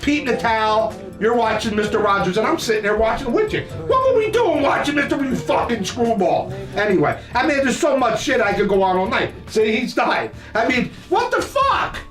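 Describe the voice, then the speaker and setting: A man's voice: very high-pitched, sing-song, moderate pace, few pauses. An older man telling childhood stories in a rambling, profane, laughing way as a podcast host. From New Jersey. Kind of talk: casual storytelling. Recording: roomy echo, mic at a distance, faint music.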